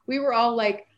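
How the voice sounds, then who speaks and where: This fairly high-pitched woman's voice has its highs cut off. She's an actress in her thirties on a casual interview, an animated storyteller who laughs often.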